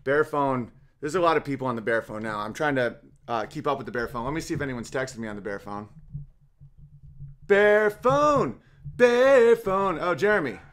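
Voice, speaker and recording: A man's voice: mid-range voice, fast, a bit bright. A middle-aged man hosting a casual comedic podcast, firing off sarcastic rhetorical questions. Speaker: podcast host.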